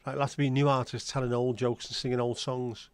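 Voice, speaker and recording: A man's voice: medium pitch, flat delivery, quick pace, clean tone, no room sound. A man hosting a casual livestream, rambling and chatting as he answers viewer comments. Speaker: livestream host reading viewer chat. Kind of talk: casual chat.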